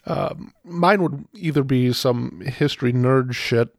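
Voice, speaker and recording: Gravelly, wry man of Greek heritage. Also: medium pitch, slow pace, no echo, studio quality. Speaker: podcast guest, former teacher. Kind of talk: casual podcast chat.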